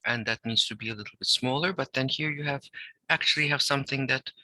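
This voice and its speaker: This is a typography instructor's recorded design lecture, delivered in a bright, mid-range male voice. He reads aloud and explains, stressing points and pausing deliberately. The recording is dry and low in quality.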